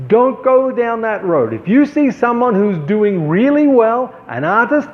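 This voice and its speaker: A man's voice: very high voice, big pitch swings, a little slow. A man giving artists a motivational talk, earnest and preachy, repeating his points for emphasis. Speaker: artist and show host. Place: gallery. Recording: dull sound with long hall reverb.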